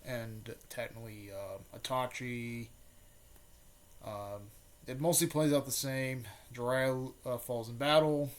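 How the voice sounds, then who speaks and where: A man's voice: mid-range voice, fairly even intonation, slow pace. A man casually retelling an anime fan story, rambling with many fillers, restarts and repeated pet words.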